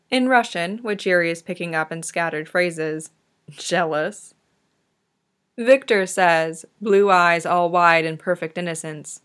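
A woman narrating a fan-fiction story in a gentle, tender manner. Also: lowish voice, clean tone.

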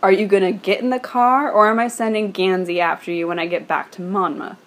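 A woman's voice: medium pitch, fairly even intonation, fairly quick, a bit bright, lightly acted. Woman doing a sneering, foul-mouthed young man. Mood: impatient. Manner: sarcastic, taunting.

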